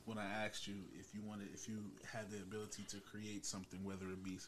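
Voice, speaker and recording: A man's voice: on the low side, completely flat delivery, quick pace, a little hiss or hum. A man hosting a casual podcast, telling profane stories about work. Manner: profane, storytelling, laughs often. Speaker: podcast host and paramedic.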